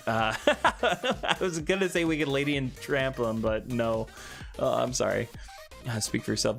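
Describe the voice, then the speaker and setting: A young man hosting a casual live stream, chatting with viewers and answering their comments, often jumping into high excited squeals. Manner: animated, jumps into high excited squeals and laughs.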